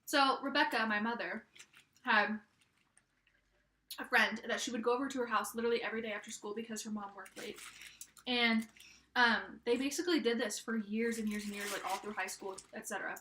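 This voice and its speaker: Young woman, bright tone, slightly high, rambling casual storytelling, fillers, echoey car. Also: brisk, a little hiss or hum. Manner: rambling, filler-heavy, relaxed.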